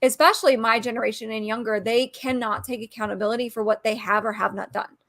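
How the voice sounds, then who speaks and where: Earnest, opinionated woman, slightly high voice. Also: fairly even intonation, quick pace, a bit bright, no echo. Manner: earnest, opinionated, acts out quotes. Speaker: podcast co-host. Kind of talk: casual chat.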